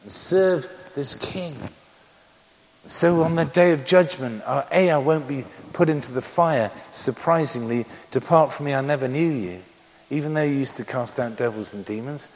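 A man in his sixties preaches a sermon in a reverberant hall with faint noise, speaking at normal speed in a mid-range voice. He's animated, joking and telling stories, with repeated amens in between.

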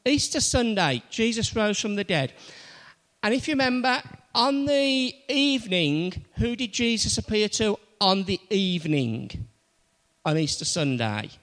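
A man leads an interactive sermon, teasing and quizzing his congregation. His voice sits high and swoops animatedly, while his unhurried pace leaves room for answers. Long reverb from the church hall trails every phrase. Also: expressive, fairly bright tone. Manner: playful, quizzing the audience. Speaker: preacher.

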